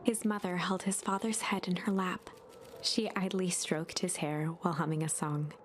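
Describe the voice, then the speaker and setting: Calm woman narrating a bedtime story. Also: on the low side, normal speed, slight background noise. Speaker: streamer reading a game aloud. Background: background music.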